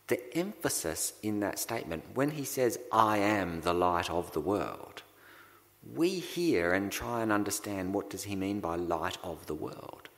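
Slow gravelly-voiced male preacher. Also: low voice, expressive, fairly bright tone, big-room sound. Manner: slow, deliberate preaching with dramatic pauses. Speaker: pastor. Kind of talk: sermon.

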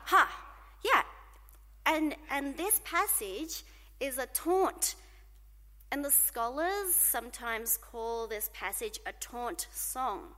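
A woman preaching a sermon in an animated way, asking the congregation to call out responses, in a church hall. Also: sits high, takes it slowly.

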